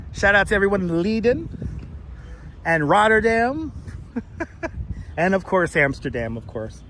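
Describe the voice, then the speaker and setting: A man's voice: high voice, very animated, slow pace, long pauses, a bit bright, a little hiss or hum. A man hosting a casual live stream outdoors in a city, talking loosely with swearing and frequent laughs. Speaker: live-stream host and tour guide. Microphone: wireless clip-on mic.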